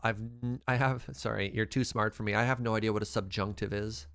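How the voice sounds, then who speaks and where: A young man from Western Canada chatting casually while streaming a game, quick to laugh and reading out chat. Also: fairly low pitch, fairly even intonation, fairly bright tone, clear, resonant tone. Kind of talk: casual gameplay livestream chat.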